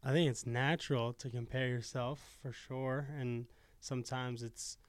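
A man's voice: mid-range voice, flat delivery, measured pace, no echo. A man in his twenties, a podcast guest talking in a casual, earnest and reflective way and swearing now and then. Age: 20s.

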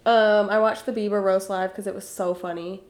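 Relaxed young woman chatting. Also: medium pitch, normal speed, roomy sound. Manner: relaxed storytelling with "like" fillers. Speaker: podcast co-host. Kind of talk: casual chat.

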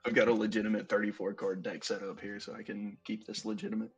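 A man playing a tabletop game over a video call, playful and quick to laugh. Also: fairly low pitch, fairly even intonation, gravelly, breathy edge, highs cut off, faint music behind. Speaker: player.

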